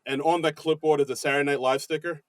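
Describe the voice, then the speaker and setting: Male podcast co-host, a bit higher voice, rambling recap, dry close recording. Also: steady tone, dry recording. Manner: rambling, halting with many fillers. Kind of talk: casual chat.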